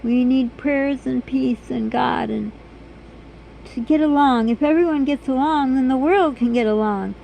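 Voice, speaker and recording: A hoarse woman vlogging in an earnest, rambling, chatty way. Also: high voice, unhurried, mellow, slight background noise, rough recording. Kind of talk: casual vlog chat.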